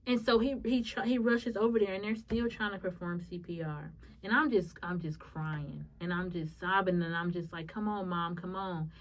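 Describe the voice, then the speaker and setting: A woman hosting a podcast, telling a personal story in a halting, emotional way with many restarts. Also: on the low side, distant mic, rough recording. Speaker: podcast host.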